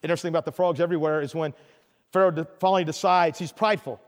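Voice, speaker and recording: Older pastor guy preaching, high-ish voice, stammers a lot, big reverby hall. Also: fairly even intonation, rapid-fire. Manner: storytelling, stammering restarts. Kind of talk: sermon.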